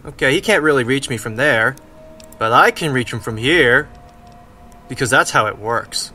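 A young man commenting on a video game he is playing, excitable and swearing, often yelling at the game. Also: mid-range voice, moderate pace. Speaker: let's play gamer. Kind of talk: gameplay commentary. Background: game music.

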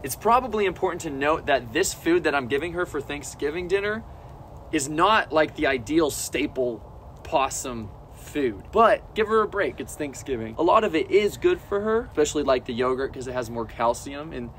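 A man's voice: a little high, expressive, normal speed, fairly bright tone, a little hiss or hum. Playful man cooing at his pet. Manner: playful, coos in baby talk to his pet. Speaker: vlogger and pet owner. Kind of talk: casual vlog talking to his pet.

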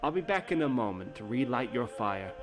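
A man's voice: mid-range voice, sing-song, a little fast, lightly acted. A man voicing a polite, reserved young hero who narrates a story game in mild, formal phrasing. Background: game music.

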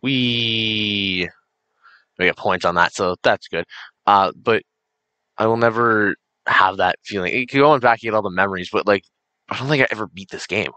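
A man's voice: on the low side, normal speed, bright, forceful tone, dry recording. A teenage young man rambling enthusiastically while commentating a racing game he is playing. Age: late teens. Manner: rambling, enthusiastic, many restarts and fillers. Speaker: gaming channel host. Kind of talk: casual let's-play commentary.

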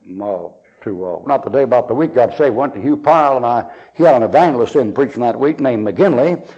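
A man's voice: mid-range voice, expressive, fairly quick, dark tone, lo-fi sound. A man preaching a sermon as a folksy storyteller who chuckles and acts out his dialogue.

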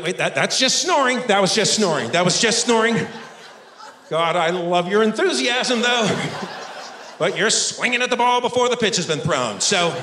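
A man in his fifties doing live stand-up comedy on stage, animated and self-mocking. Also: sits high, a little hiss or hum. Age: 50s. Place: stage before a live audience. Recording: echoey stage room with audience.

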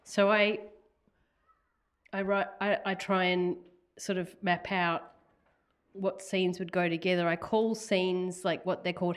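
Low-voiced woman telling a story. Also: a little slow. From Australia. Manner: animated storyteller, laughs often, acts out quoted messages. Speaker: author guest. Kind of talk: casual conversational interview.

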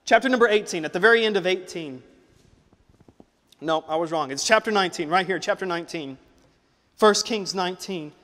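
High-voiced young preacher in a reverberant church. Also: male voice, fairly quick, pauses often. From United States. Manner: swings from loud preaching to quiet, emotional storytelling. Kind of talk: sermon. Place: church auditorium.

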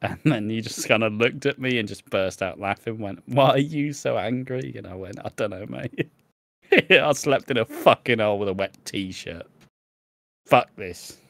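A man's voice: fairly low pitch, normal speed, vocal fry, a bit bright, dry recording. A young English man co-hosting a podcast, telling a story in casual, sweary chat with frequent laughs. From England. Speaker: podcast co-host.

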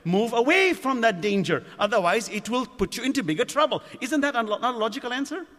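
A man's voice: extremely high pitch, expressive, fast, fairly bright tone. A man delivering a sermon at a mosque gathering, asking the audience rhetorical questions. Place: community centre lecture hall. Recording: long hall reverb.

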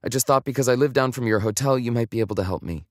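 A male narrator putting on a young woman's voice, raised well above his own low register. She is candid and nervous, blurting things out, and it is heard close and dry in a storybook reading. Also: rapid-fire, dry recording, natural voice. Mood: earnest. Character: young woman, a candid, self-conscious college student.

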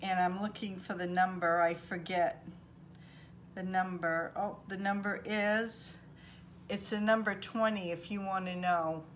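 An older woman from Maine, USA, with a Maine accent, vlogs a casual home-baking demonstration from her home kitchen, chatting in a homespun, friendly way and addressing viewers as folks. Her voice is medium-pitched, steady, and a little slow, with slight background noise.

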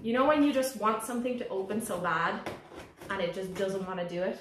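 A woman unboxing plants in a casual vlog, gushing and giddy, sometimes squealing with excitement. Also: medium pitch, fairly quick, slight background noise. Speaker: plant vlogger. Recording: echoey room.

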